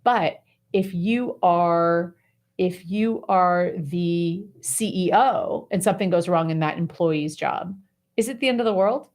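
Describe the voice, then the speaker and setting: A woman hosting a radio talk show, coaching her guest in a lively, chatty way with lots of fillers. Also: fairly low pitch, takes it slowly. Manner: animated, chatty explaining with many fillers. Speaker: host and life coach.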